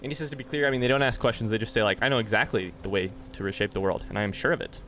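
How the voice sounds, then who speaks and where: A man's voice: on the low side, racing, a bit bright, slight background noise. Breathless man chatting to his stream. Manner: rambling, thanks chat by name, thinks aloud. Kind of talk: casual live-stream chat.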